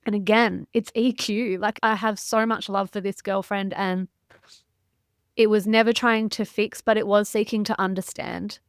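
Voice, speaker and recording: A woman's voice: mid-range voice, steady tone, moderate pace, smooth, no room sound. A woman, a podcast guest talking openly and emotionally, close to tears, with some frank swearing. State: near tears. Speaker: podcast guest, mindset educator. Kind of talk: candid interview conversation.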